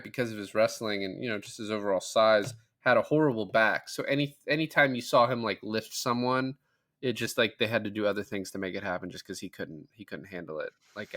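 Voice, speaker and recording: A man's voice: medium pitch, pushed and bright. A man co-hosting a podcast, casually recapping a film with a friend, laughing as he retells scenes. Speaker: podcast co-host. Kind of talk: casual movie recap chat.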